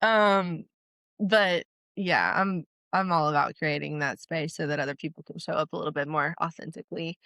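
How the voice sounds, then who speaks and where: A woman's voice: low voice, moderate pace, fairly bright tone, dry recording. A young woman co-hosting a podcast, chatting casually, laughing often and swearing freely. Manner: giggly, swears freely, upbeat. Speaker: podcast co-host.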